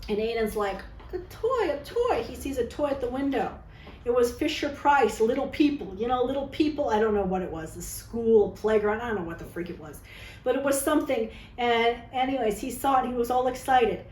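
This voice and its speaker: A woman's voice: a little high, a little fast, darkish tone, echoey room, a little hiss or hum, low-quality recording. A woman vlogger telling a personal story to camera in a candid, dramatic, chatty way, often tagging her lines with "okay?". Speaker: vlogger telling dating stories.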